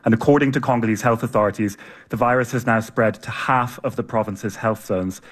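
A man reporter filing a news report in a steady, serious way. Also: medium pitch, fairly quick.

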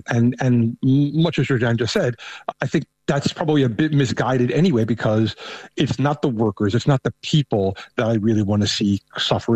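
A man's voice: mid-range voice, a little mellow, slightly rough, dry recording. A man from New York with a thick New York accent, a panel guest talking conversationally and often restarting his sentences. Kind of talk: casual remote interview.

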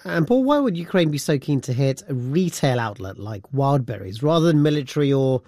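A man's voice: mid-range voice, very animated, fairly quick, warm tone, no room sound. A man presenting radio news from a studio, reading formally and asking a reporter questions.

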